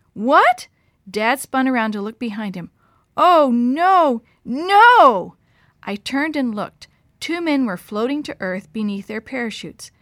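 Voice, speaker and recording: A middle-aged woman reading a children's story aloud in a gentle, expressive storytelling voice. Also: a little high, dry recording, studio quality.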